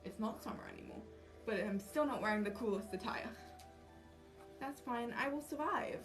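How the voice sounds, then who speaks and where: A woman's voice: a little high, moderate pace, pauses often. A young woman chatting casually to a livestream audience, self-mocking and easily sidetracked. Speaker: cosplay livestreamer. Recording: distant mic with music behind. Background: background music.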